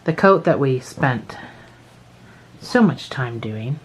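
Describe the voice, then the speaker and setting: A woman's voice: rumbling low, expressive, slow, soft background music, rough recording. Chatty Scottish woman teaching crochet. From Scotland. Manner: chatty and self-deprecating, thinking aloud. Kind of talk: casual step-by-step craft tutorial.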